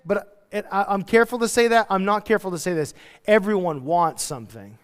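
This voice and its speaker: High-voiced pastor preaching in a hall. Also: male voice, expressive, fairly quick. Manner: conversational, acts out quotes in voices. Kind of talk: expository sermon. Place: church hall.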